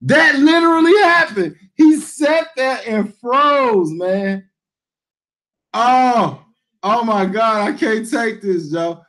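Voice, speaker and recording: A man, a priest, giving a reaction commentary on a video, laughing uncontrollably and shouting out exclamations in slangy, repetitive bursts. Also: very high-pitched, lively intonation, takes it slowly.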